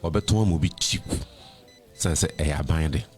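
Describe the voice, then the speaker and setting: A man's voice: extremely low pitch, measured pace, darkish tone, soft background music. A man with a Ghanaian accent in casual talk show chat, switching between Twi and English.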